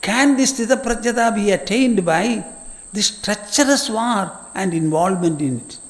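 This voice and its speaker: A man's voice: high voice, moderate pace, close to an everyday voice. An elderly man voicing an anxious young warrior prince who presses his teacher with troubled questions. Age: older. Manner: pleading, questioning. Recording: long hall reverb.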